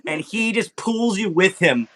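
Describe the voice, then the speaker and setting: A man narrating as game master, animated, with sound effects and lots of fillers. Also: high-pitched, a little slow.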